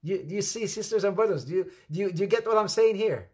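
A male preacher with a higher voice delivers a sermon that swings from loud and quick to low and quiet. He repeats questions to the audience with animated rises and drops.

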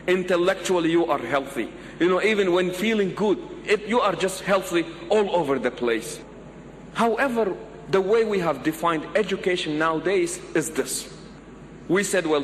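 High-voiced preacher man in a reverberant hall. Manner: animated, acts out pleading voices in stories. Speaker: Islamic preacher. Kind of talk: sermon with storytelling. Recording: long hall reverb, faint background noise.

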